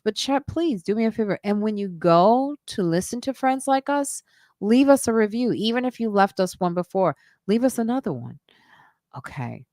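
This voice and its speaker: A woman's voice: on the low side, no room sound, studio quality. A woman hosting her own podcast live stream, rambling through asides and emphatic comments in casual chat.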